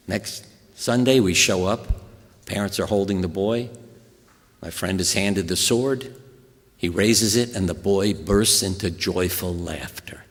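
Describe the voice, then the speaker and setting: Deep-voiced older man telling stories. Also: a little slow. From USA. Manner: animated, anecdotal storytelling. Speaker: guest speaker. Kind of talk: storytelling talk to an audience. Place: hospital auditorium. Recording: echoey hall reverb.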